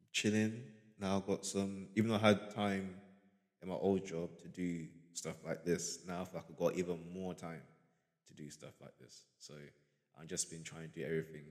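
A man's voice: sits low, a little mellow, big-room sound. A young man hosting a casual solo podcast, rambling and laid-back, leaning on slang and fillers as he muses. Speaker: podcast host.

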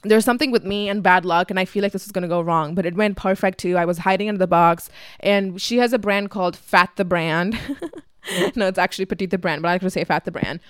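A young woman vlogger telling a casual, fast, filler-heavy story with lots of swearing, acting out her family's voices as she goes. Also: fairly low pitch, clear, resonant tone, no echo, studio quality. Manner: acts out family members' voices.

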